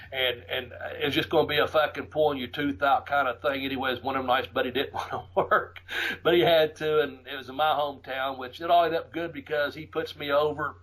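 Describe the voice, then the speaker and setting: A middle-aged man, a podcast host casually telling profane, animated stories and laughing often. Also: a little high, low-quality recording. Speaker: podcast host and former wrestler. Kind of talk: casual storytelling.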